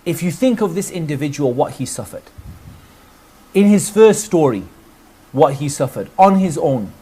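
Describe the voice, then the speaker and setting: A man's voice: a little high, big pitch swings, normal speed, dark tone, husky. A man preaching as he tells a religious story in earnest narration, with rhetorical questions to his listeners. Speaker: Islamic preacher.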